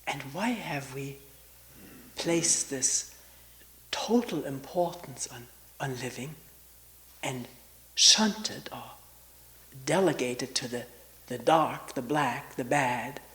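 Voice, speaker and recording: Her voice is a bass with a fairly bright tone, caught on a low-quality recording. She is a meditation retreat teacher in her sixties giving a reflective spiritual talk, slow and searching, full of long pauses and frequent half-whispers.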